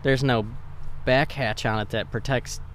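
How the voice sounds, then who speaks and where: A man in casual chat, dropping deadpan, crude one-liners. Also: mid-range voice, unhurried, slight background noise.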